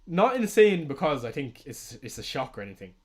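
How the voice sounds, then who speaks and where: Swearing and laughing a lot, a young Irishman chats casually and excitably while hosting a fantasy football livestream. His pitch is fairly high, and he talks briskly.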